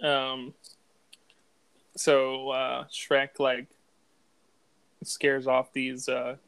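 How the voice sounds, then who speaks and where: A man's voice: mid-range voice, completely flat delivery, extremely slow, gravelly, fairly bright tone, smooth, dry recording, low-quality recording. A young man co-hosting a podcast, chatting casually, joking and swearing freely. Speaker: podcast co-host. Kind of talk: casual chat.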